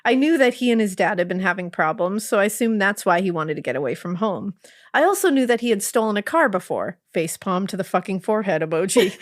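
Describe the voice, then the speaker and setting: A woman's voice: medium pitch, big pitch swings, quick pace. A woman podcast co-host reading a listener's story aloud in a sarcastic, swearing, laugh-prone way. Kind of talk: casual storytelling read-aloud.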